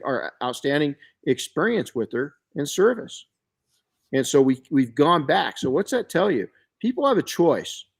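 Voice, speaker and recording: A middle-aged man hosting a podcast, chatting casually and telling stories in an animated way, often restarting his sentences. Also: on the high side. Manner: storytelling, animated, frequent restarts and self-corrections. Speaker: podcast host.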